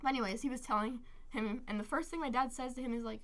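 A young woman guest rambles through a story on a podcast, full of "um" and "like". Her voice is fairly high and bright. She sounds casual and easygoing. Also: steady tone, quick pace. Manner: rambling, many "um" and "like".

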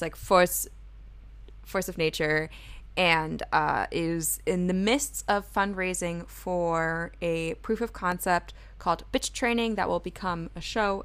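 A woman with a slightly low voice hosts a casual podcast interview. She rambles happily through asides and fillers before she gets to her questions. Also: fairly bright tone, clear, resonant tone. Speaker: podcast co-host.

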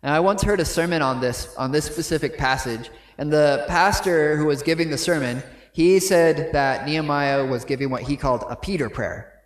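A man's voice: a little high, normal speed, few pauses, reverberant. A man giving a sermon in a conversational way, often checking in with his listeners with asides. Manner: conversational, frequent "right?" asides. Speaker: pastor. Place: church sanctuary.

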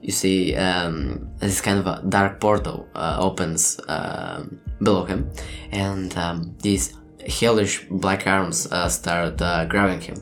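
A man's voice: low voice, fairly even intonation, slow, hardly any pauses, soft background music. A man narrating as game master, rambling with many hesitations, swearing freely and laughing often.

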